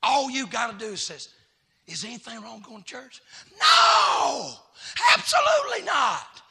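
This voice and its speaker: A man preaching a fiery sermon, calling out to the congregation and swinging from hushed asides to shouting. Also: very high voice, expressive, fairly quick, gravelly.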